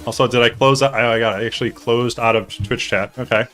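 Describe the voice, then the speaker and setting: A man hosting a live stream, chatting casually and excitably with his viewers, joking and swearing as he goes. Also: medium pitch, quick pace, faint music behind. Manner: excitable, jokey, talks to chat, swears. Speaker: streamer hosting a hockey league draft.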